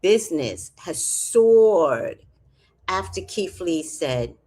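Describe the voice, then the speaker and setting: A woman's voice: fairly low pitch, sing-song, drawn-out words, warm tone. A woman chatting casually on a livestream, reading out comments with rambling, profane asides and jokes. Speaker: vlogger.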